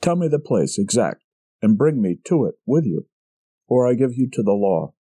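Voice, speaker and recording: A man reading a story, voicing a hard young man who speaks with cold, dangerous calm. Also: medium pitch, normal speed, husky, dry recording. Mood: suspicious. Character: hard young man, coldly suspicious, furious. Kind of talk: audiobook character reading.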